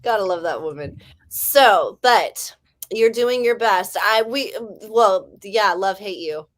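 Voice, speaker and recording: A woman's voice: mid-range voice, takes it slowly. A woman in her forties with an Ohio accent and a slight lisp, hosting a casual writing-sprint stream in a chatty, rambling, self-deprecating way. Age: 40s. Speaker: livestream host.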